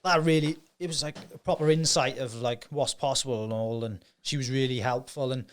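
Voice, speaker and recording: A man's voice: medium pitch, fairly quick, clear, resonant tone. A man hosting a podcast, chatting casually with lots of filler words. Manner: relaxed, lots of "like". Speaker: podcast host. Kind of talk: casual chat.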